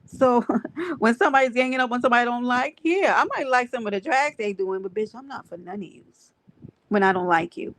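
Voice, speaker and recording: A woman hosting a livestream, greeting her chat and ranting in an animated, profane, emphatic way. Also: a little high, brisk, no room sound. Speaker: livestream host. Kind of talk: livestream rant and viewer chat.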